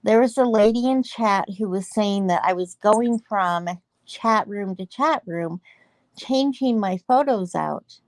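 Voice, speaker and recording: A woman's voice: medium pitch, measured pace, no echo. Earnest woman venting in casual chat. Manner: earnest, emotional, laughs between points. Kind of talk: casual chat about online drama.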